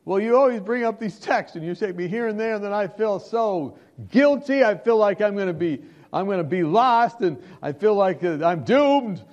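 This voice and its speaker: A man's voice: high voice, expressive, normal speed, hardly any pauses, darkish tone, dull audio, voice pushed up. A man voicing a fearful, stubborn man who hides from Bible study and insists on his own terms. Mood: anxious pleading. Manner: pleading, insistent.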